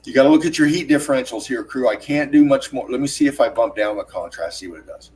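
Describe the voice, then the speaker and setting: A man talks through on-screen footage in an urgent, excited rush, swearing freely and repeating himself. His delivery is emphatic and insistent, with punchy single words that mark each detail he points to. His pitch sits in an ordinary middle range for a man. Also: slight background noise. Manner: urgent, profane, repeats "look at this" constantly; rapid emphatic pointing words like "bam" and "boom". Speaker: channel host narrating screen footage. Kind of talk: excited on-screen analysis commentary.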